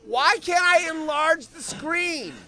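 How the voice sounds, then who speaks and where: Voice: very high voice, slow, pushed and bright, slight background noise. A live stream host doing solo commentary, ranting with profanity, mocking asides and laughter while reading the news aloud.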